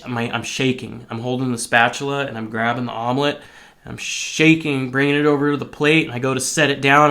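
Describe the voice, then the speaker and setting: Forceful and bright, this man's mid-range voice carries a rambling, profanity-filled personal story full of restarts. He works as a line cook and speaks candidly.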